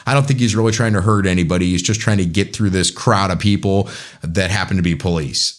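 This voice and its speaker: A man's voice: deep voice, quick pace. An American man hosting a podcast, talking in an impassioned, urging way about current events. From United States. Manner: impassioned, urging listeners to act. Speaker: podcast host. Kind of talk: political commentary podcast.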